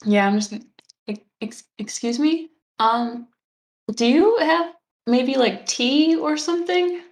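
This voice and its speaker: A shy young adventurer stammers and hesitates to get a bartender's attention, as a woman puts her on. Her voice is pushed squeaky high, small and apologetic. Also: animated, takes it slowly. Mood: timid.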